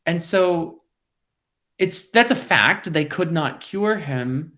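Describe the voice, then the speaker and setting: A man, a parish priest, speaking in a podcast conversation. He throws himself into quoted lines with sudden leaps in pitch and laughs easily. When the subject turns grave, his voice drops low and quiet. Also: slow. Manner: animated, acts out quotes with big pitch jumps.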